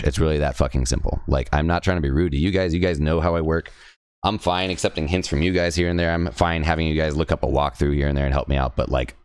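A man's voice: extremely low pitch, fast, no room sound, clean studio sound. A young man streaming a video game and ranting, profane and exasperated. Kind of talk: heated rant while live-streaming a game.

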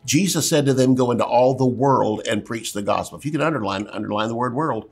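An older man, a pastor, teaching a sermon with a husky voice and emphatic, drawn-out stresses on key words. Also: medium pitch.

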